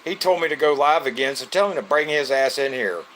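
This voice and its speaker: A man's voice: medium pitch, fairly quick, a bit bright, a little hiss or hum. A man, from Florida, hosting a casual live stream, greeting viewers by name in a loose, joking way.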